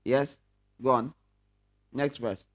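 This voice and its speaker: A man's voice: medium pitch, steady tone, slow pace. A man leading a prayer meeting Bible study, talking conversationally and asking the room questions. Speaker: pastor.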